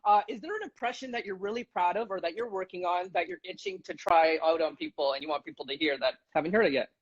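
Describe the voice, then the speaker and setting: A man's voice: high voice, quick pace, slightly rough. A man hosting an interview, teasing his guest and laughing often. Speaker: interview host. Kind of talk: casual interview chat. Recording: muffled lo-fi audio.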